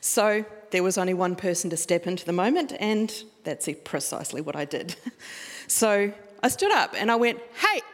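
A woman's voice: on the low side, animated, moderate pace. A middle-aged woman with a New Zealand accent, preaching a sermon in a conversational, storytelling way. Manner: conversational, storytelling with laughs and restarts. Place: church hall. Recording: long hall reverb.

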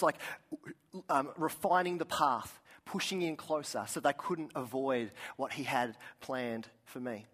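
A man gives a sermon, his voice sitting a little higher than most men's. He talks earnestly, tells personal stories and often restarts or adds asides along the way. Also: fairly bright tone. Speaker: pastor.

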